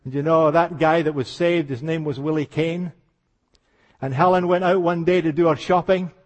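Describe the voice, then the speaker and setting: An older man preaching a revival sermon, telling stories with passion and moving between hushed tones and exclamations. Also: a little high, steady tone, normal speed. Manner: impassioned storytelling, dropping to hushed tones then rising to exclamations. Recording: reverberant hall.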